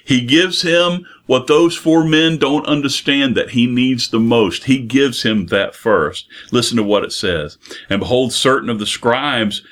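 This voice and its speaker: A man preaches in an earnest, mid-pitched voice. He piles up rhetorical questions and slows down to press a point. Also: fairly bright tone. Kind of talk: sermon.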